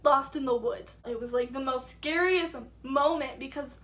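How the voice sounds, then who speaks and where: A young woman with a high, bright voice tells a story to her vlog audience. She chats casually, rambles, leans on "like" and acts out what people said. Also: normal speed. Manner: rambling, says "like" a lot, acts out quotes. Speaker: vlogger.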